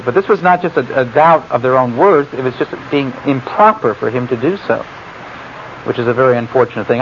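A man giving an informal Bible lecture, talking in a digressive, conversational way with asides and fillers. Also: mid-range voice. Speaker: Bible teacher. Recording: muffled lo-fi recording with faint hiss.

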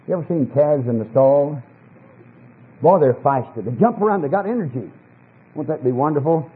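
A man preaching a sermon, emphatic, dropping to low asides and rising to fervent scripture reading, on an old archival sermon tape. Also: animated, moderate pace, long pauses, slightly rough, narrow, tinny audio.

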